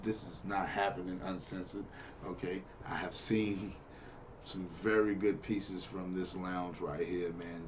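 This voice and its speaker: A man's voice: sits low, background noise. A man hosting a reaction video, chatting in a laid-back way and tacking "man" onto most lines. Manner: laid-back, says "man" constantly, laughs often. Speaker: reaction channel host. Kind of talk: casual reaction commentary.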